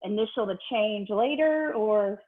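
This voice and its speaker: A woman's voice: medium pitch, measured pace. Woman asking questions over a tinny call line. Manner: hesitant, questioning. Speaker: webinar participant asking a question. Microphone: video call. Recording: thin phone-like call audio.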